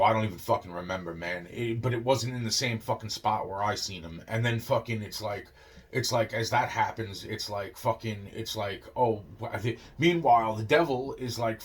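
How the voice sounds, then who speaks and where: A young man telling a long rambling story, swearing constantly and looping on filler phrases. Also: lowish voice. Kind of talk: rambling monologue.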